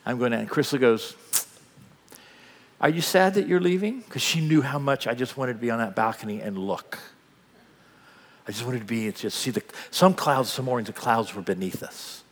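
An older man preaching a sermon, telling stories with big swings between loud bursts and hushed asides. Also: medium pitch. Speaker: pastor. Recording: long hall reverb.

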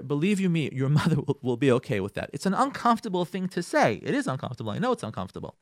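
A rabbi giving a radio talk on marriage, animated, acting out quoted lines and repeating himself. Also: male voice, fairly high pitch, racing, few pauses, no room sound, clean studio sound.

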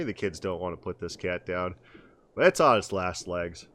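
A man's voice: low-pitched, expressive, moderate pace, fairly bright tone. A middle-aged man co-hosting a podcast, talking casually and rambling through stories with restarts and acted-out quotes. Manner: rambling storyteller with many restarts, acts out voices in quotes. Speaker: podcast co-host. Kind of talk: casual conversational podcast chat.

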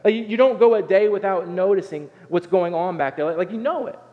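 Preacher guy from southern ohio, kinda high voice, chatty earnest sermon, big echoey hall. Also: a little fast. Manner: earnest, conversational preaching with frequent restarts and "right?" asides. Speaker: pastor. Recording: dull sound with long hall reverb.

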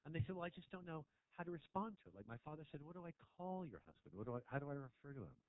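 A man doing a stand-up set in a small club, teasing the crowd, swinging between low mutters and loud shouts. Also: sing-song, racing, no echo. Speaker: stand-up comedian. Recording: dry, tinny phone-like sound.

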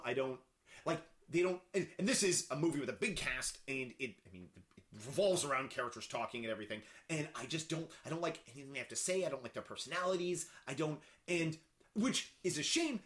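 A man co-hosting a casual podcast chat about films, talking in halting bursts full of fillers and restarts. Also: on the high side, fairly bright tone. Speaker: podcast co-host. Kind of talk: casual film discussion.

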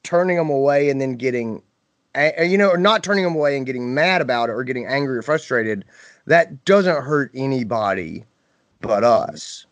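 A man's voice: mid-range voice, animated, normal speed, no room sound. A man co-hosting a veterinary podcast, speaking reflectively in casual conversation and often restarting his sentences. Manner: reflective, hesitant, with many restarts.

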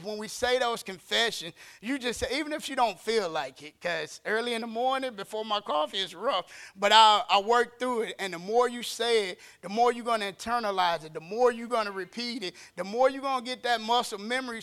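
A man's voice: high-pitched, bright, forceful tone. A man preaching a sermon in an emphatic, conversational way. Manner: emphatic and conversational, acting out quick dialogue.

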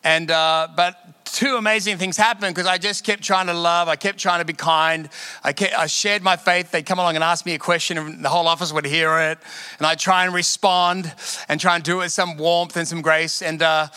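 A middle-aged pastor from Australia preaching a sermon, telling stories with animated emphasis and frequent laughter. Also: male voice, on the high side, moderate pace, smooth, no room sound.

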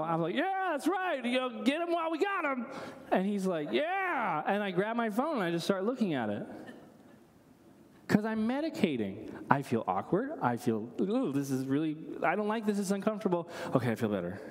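A man in his thirties preaching a sermon in a high voice. He talks to the congregation like he's chatting with them, slipping into quick stories and asides. His voice rings through a large church hall with a long reverb. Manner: conversational, animated storytelling with asides. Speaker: pastor.

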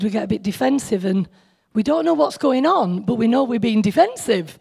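A woman's voice: on the high side, lively intonation, fairly quick, gravelly, a little mellow, slightly rough. A woman giving an informal, chatty sermon, joking with her listeners and teasing herself. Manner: chatty, joking, self-deprecating, speaks to the audience directly. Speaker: speaker at a church meeting.

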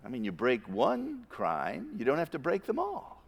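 A man preaching a sermon as a pastor, with emphatic stresses that drop into quiet, low asides. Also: wildly swooping pitch, normal speed, gravelly, slightly rough, long reverb tail.

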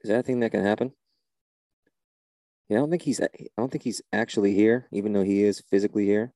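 A man's voice: lowish voice, fairly even intonation, fast talker, mellow, dry recording. A man in a comedy sketch, talking in an exasperated, incredulous way.

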